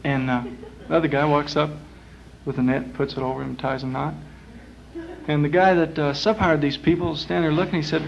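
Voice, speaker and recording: A man telling jokes on stage in a small lounge, in a rambling, folksy way with many pauses and uhs. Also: fairly high pitch, little pitch movement, vocal fry, a little hiss or hum. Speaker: performer. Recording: muffled 1960s live club tape.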